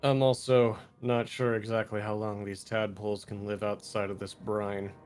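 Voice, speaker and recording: A man playing a tabletop game, swearing casually and swinging from low mutters to excited cheers. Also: moderate pace, faint music behind. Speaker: player.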